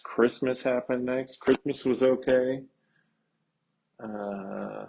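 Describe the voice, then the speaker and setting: A young man rambles through a story, laid-back and swearing often. His voice sits fairly low, with a gravelly, husky texture. He talks like a podcast host in a casual monologue. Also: darkish tone.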